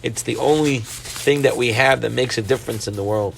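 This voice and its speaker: Gravelly-voiced rabbi giving a sermon. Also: male voice, mid-range voice, brisk, slight background noise. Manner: earnest, rising to rhetorical questions; sprinkles Hebrew religious terms. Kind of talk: weekly Torah portion sermon.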